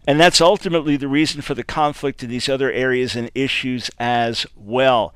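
A man with a fairly high, fairly bright, smooth voice speaks at normal speed as a radio talk show host. Preaching emphatically, he repeats key phrases and often stammers and restarts his words while delivering commentary and answering listener email.

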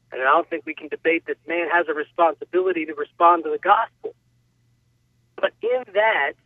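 Man, radio caller, gravelly, lively pitch, earnest, tinny phone line. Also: no echo. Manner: earnest, explanatory. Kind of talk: radio call-in talk.

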